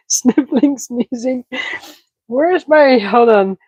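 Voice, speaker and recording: A woman's voice: on the high side, extremely slow, darkish tone, breathy edge, no room sound, low-quality recording. A woman hosting a casual live cooking stream, sniffling from a stuffy head cold and chatting with viewers as she cooks. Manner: chatty, reads viewer comments aloud while cooking. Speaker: cooking livestream host.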